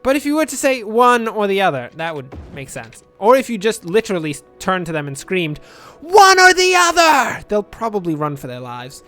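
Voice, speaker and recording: A man's voice: high-pitched, big pitch swings, a little fast, hardly any pauses, faint music behind. A man giving casual, rambling commentary over a city-building game, joking dryly at his own expense. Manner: dry, rambling, self-mocking humor. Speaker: let's play commentator.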